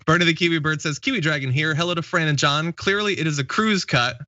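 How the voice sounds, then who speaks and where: Bright-toned male host reading chats. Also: a little high, fast talker, dry recording, dull audio. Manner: reads viewer comments aloud, laughs easily. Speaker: show host. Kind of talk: casual live-stream chat.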